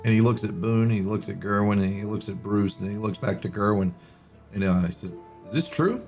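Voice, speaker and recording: A man narrating a tabletop game as game master in a relaxed way, with many fillers. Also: fairly low pitch, brisk, creaky, soft background music.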